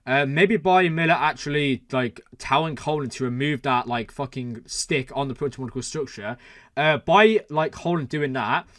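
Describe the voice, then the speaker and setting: Talking at a normal speed with no echo, a man in the mid-range hosts a reaction channel. He works through a TV episode aloud, excitedly, with frequent exclamations and fillers.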